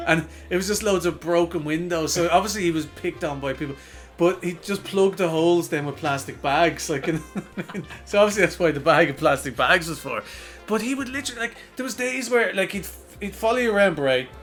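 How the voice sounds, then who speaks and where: A man's voice: high-pitched, a little fast, fairly bright tone, faint music behind. An Irish man co-hosting a podcast, rambling through a story in casual chat, heavy on "like" and swearing freely. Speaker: podcast co-host.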